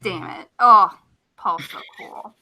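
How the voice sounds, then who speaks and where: A woman co-hosting a casual podcast, gushing and excitable. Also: mid-range voice, takes it slowly. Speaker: podcast co-host.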